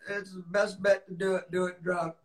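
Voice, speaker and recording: A man's voice: sits high, level tone, moderate pace. A man hosting a casual music stream, teasing the others and laughing readily.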